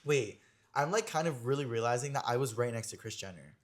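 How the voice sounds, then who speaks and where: Young male podcast host, chatty gossip tone, mid-pitched voice, casual storytelling. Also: fairly quick. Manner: gossipy, animated storytelling with many "like" fillers. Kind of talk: casual chat.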